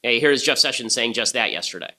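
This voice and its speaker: A man's voice: mid-range voice, animated, fast talker, bright, forceful tone. A man hosting a political podcast, delivering commentary in a punchy, sarcastic way. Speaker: podcast host.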